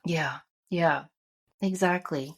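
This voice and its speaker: Slow and husky with a low voice, a middle-aged podcast co-host shares an emotional personal story in casual chat. She tells it warmly and acts out other people's lines.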